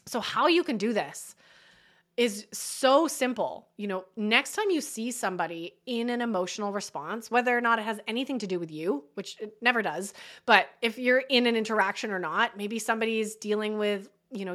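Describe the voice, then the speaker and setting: Bright-voiced woman hosting a coaching podcast. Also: mid-range voice. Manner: earnest and encouraging, checks in with "right?". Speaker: podcast host. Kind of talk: solo coaching podcast talk.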